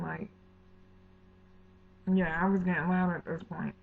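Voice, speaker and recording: A woman's voice: on the low side, slow, creaky, pauses often. Indignant woman telling a storytime vlog. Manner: heated, indignant retelling with slangy asides and quoted dialogue. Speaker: vlogger. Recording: tinny phone-like audio.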